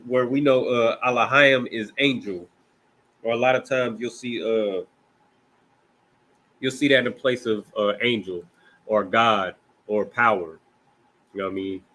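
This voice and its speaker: A man with an American accent teaching a scripture language class in a loose, conversational way, often checking in with "right?" and slowing down to sound out words. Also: mid-range voice, a bit bright, low-quality recording. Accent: American English. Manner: loose, conversational, with frequent "right?" and "you know what I mean?"; slows down to pronounce words carefully.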